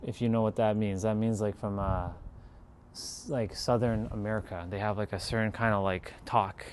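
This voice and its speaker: A man's voice: fairly low pitch, steady tone, moderate pace, darkish tone, a little hiss or hum. A man chatting on a casual livestream from outdoors in a yard, rambling and encouraging.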